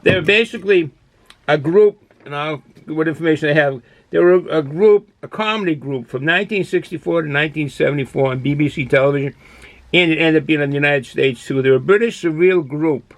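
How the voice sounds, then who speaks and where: A man's voice: fairly high pitch, a little fast, dry recording. Rambling older Boston man reviewing beer. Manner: rambling, folksy, full of fillers and restarts. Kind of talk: casual product review monologue. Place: cool home den he calls a man cave.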